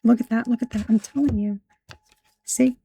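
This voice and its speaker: A woman's voice: a little high, fairly even intonation, moderate pace, gravelly, dark tone, slightly rough. A woman giving a casual tarot reading, blunt and emphatic, swearing freely as she points out the cards. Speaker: tarot reader.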